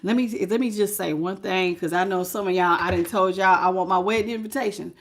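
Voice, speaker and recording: A middle-aged woman reading tarot on a live stream, animated and exclamatory, greeting her viewers by name. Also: medium pitch, fairly quick, background noise. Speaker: tarot reader.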